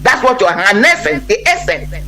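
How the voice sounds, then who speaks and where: In impassioned conversational talk as a live broadcast guest, a man speaks with earnest emphasis, often cutting himself off and starting over. His very high, very animated voice is pushed and bright at a normal pace, captured on poor audio.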